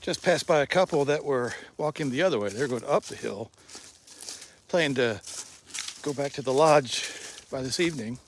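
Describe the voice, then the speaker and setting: A man's voice: mid-range voice, lively intonation, moderate pace, slight background noise. A man telling wry, rambling stories as he walks a forest trail, recording outdoors. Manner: chatty, wry storytelling. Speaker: hiker and vlogger. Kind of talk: rambling walking vlog.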